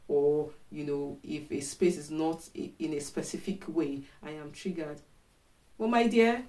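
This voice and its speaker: Young adult woman, casual advice vlogger; low, warm, relaxed delivery, chatty and reassuring. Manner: chatty, encouraging, repeats "you know".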